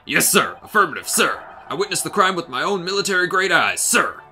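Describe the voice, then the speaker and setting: A pompous military sergeant, voiced by a man, snapping out short, loud replies. The voice sits high and jumps lively, with a bright, tense edge. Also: fairly quick, heavily acted. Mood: barking. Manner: clipped, shouted military replies. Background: game music.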